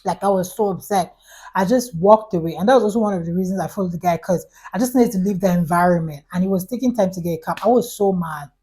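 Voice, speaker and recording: A young woman vlogger telling an animated, exasperated storytime, quoting everyone in the story and saying "like" often. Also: on the low side, fast talker, husky, rough recording. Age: young adult. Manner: animated, exasperated storytelling with quoted dialogue and frequent "like". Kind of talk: storytime vlog.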